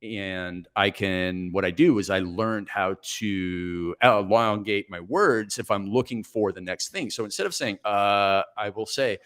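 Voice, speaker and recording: A man in his forties, a coach guest on a podcast, telling stories in a brisk, energetic, self-reflective way. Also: fairly low pitch. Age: 40s. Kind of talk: podcast interview, storytelling.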